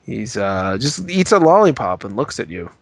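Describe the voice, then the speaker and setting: Podcast host guy, lowish voice, dry close sound, rambly mock-serious talk. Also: big pitch swings, moderate pace, creaky, dry recording. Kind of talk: casual comedic chat.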